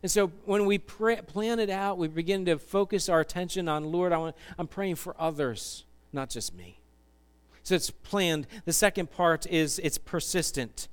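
A man's voice: high-pitched, clean tone. A man preaching a sermon to a congregation, chatty and joking, then building to fervent emphasis. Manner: conversational, jokey, rising to fervent emphasis. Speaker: pastor.

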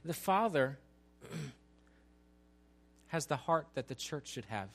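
Animated and fairly high-pitched, this male pastor draws out his words as he preaches conversationally, speaking aside to the congregation and building to an emphatic, raised delivery.

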